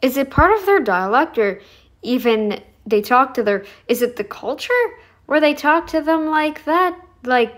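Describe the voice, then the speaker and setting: A woman's voice: sits high, lively intonation, moderate pace. A woman giving casual, blunt reaction commentary on a video, chatty and frank. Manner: chatty, blunt, says "dude" and "honey".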